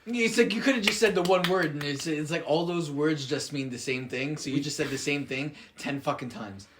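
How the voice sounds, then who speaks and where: A man's voice: a little high, fairly quick, background noise. A young man co-hosting a casual podcast, rambling with lots of fillers and swearing. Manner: rambling, filler-heavy, profane. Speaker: podcast co-host. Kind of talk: casual chat.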